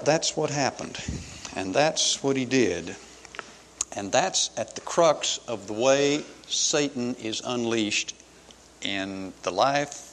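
A man preaching a sermon in an earnest, measured way, with pauses between phrases. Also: mid-range voice, fairly bright tone. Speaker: pastor. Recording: long hall reverb.

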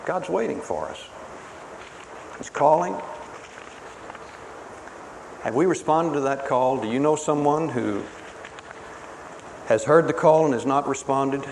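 A man preaching a sermon in a dramatic, emphatic way, swinging between booming declarations and hushed pleas. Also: slow, creaky, pauses often. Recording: reverberant hall with faint ambient noise.

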